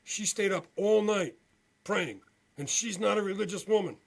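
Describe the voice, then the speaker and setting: A man retelling a scene and voicing a distraught, tearful young man who shouts at him. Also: high-pitched, moderate pace, creaky, pitched above the performer's own voice. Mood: urgent. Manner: yelling, urgent.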